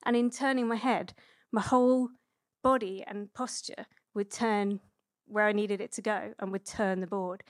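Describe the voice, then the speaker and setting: A woman in her thirties giving a conversational sermon, chatty and relaxed, with frequent fillers and self-corrections. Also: mid-range voice, normal speed, dry recording, studio quality. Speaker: preacher.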